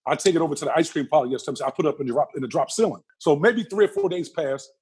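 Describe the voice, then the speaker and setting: A man's voice: a little high, expressive, quick pace, a little mellow, breathy edge. A middle-aged man, a guest in a casual interview, telling vivid stories full of repeated phrases and acted-out voices. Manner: vivid, repeats phrases, acts out the people in his story. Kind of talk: animated storytelling in a casual interview.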